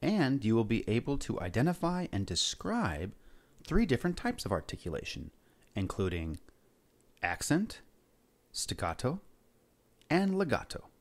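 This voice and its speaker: A man's voice: medium pitch, big pitch swings, a little slow, long pauses. A male music teacher leading a lesson for young kids, upbeat and coaxing them to repeat words and sing along. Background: faint guitar.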